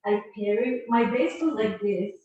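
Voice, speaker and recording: A woman's voice: mid-range voice, a little slow, dull audio, over music. A woman student asking her instructor short questions about a drill. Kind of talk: asking questions during class. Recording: very echoey room, from far off.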